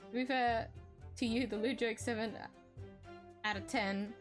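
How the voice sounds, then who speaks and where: A woman's voice: fairly high pitch, fairly even intonation, unhurried, pauses often. Giggly woman streaming a game. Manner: giggly, teasing and playful. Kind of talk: casual game commentary. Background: faint background music.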